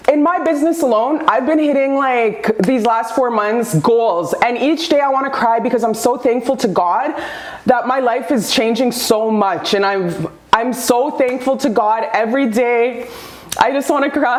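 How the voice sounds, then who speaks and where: A woman's voice: a little high, darkish tone, reverberant. A woman psychic reader giving a motivational self-love talk, emphatic and profane, calling her listeners "baby" and "you guys.".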